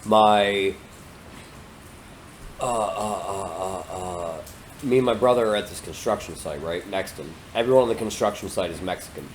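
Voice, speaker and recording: A man's voice: low voice, moderate pace, a little hiss or hum. A young man chatting casually as a podcast co-host, rambling through stories with lots of fillers and swearing. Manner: rambling, profane, storytelling, many fillers. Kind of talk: casual chat.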